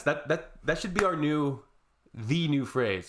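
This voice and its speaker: A man's voice: a little high, lively intonation, measured pace, a bit bright. A man hosting reaction commentary in a sarcastic, mocking way. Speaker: reaction video host.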